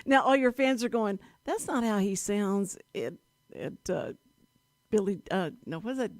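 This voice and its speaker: A bubbly woman hosts a live talk show from a community radio studio. She gushes and chats in quick asides, at a middling pitch, and the booth sounds dry and close. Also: animated, dry recording.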